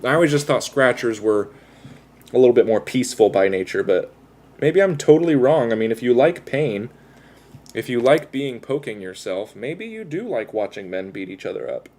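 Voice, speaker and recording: A man's voice: mid-range voice, expressive, moderate pace, a little mellow. A man chatting casually with his viewers on a livestream, rambling and self-deprecating as he talks while tattooing himself.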